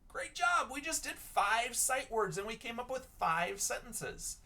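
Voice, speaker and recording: A man's voice: sits high, very animated, normal speed, vocal fry, few pauses, bright, forceful tone. A male teacher giving a recorded reading lesson for children, patiently sounding out words letter by letter.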